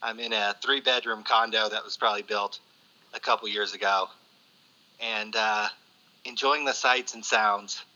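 A male podcast guest calling in remotely, easygoing and a bit halting. His voice is very bright and sharp. The call audio sounds dull and muffled. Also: fairly low pitch. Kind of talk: casual podcast chat.

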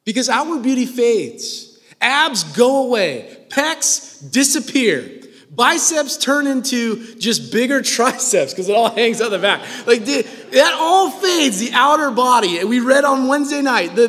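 A man's voice: sits high, lively intonation, normal speed, pushed and bright. A young man preaching a sermon, playful and jokey, laughing and acting out quoted lines. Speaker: pastor. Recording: long hall reverb.

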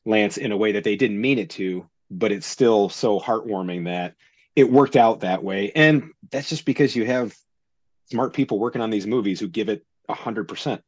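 A man talking as a podcast guest, animated and laughing, swearing freely. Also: lowish voice, moderate pace. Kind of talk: casual movie discussion.

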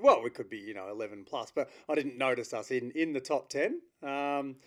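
A man's voice: medium pitch, brisk, fairly bright tone. A man co-hosting a casual comedy podcast, laughing often. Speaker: podcast co-host.

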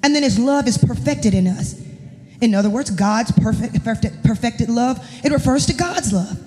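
A woman's voice: fairly high pitch, normal speed, a little mellow. A woman, a pastor's wife and worship leader, preaching an emphatic, impassioned sermon in a church. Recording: long echoing reverb of a church hall.

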